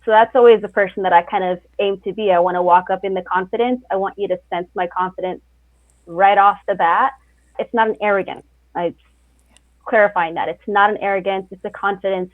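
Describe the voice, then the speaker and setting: A woman's voice: medium pitch, fairly quick. Female podcast co-host, emphatic and confident, thin phone-line sound with no room echo. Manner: emphatic and self-assured. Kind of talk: casual podcast chat. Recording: tinny phone-like line, dry.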